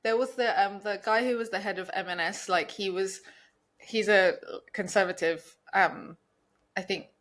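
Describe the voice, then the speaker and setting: A young woman co-hosts a podcast, chatting casually and rambling with many restarts and fillers. Her mid-range voice is a bit bright, with fairly even intonation and a moderate pace.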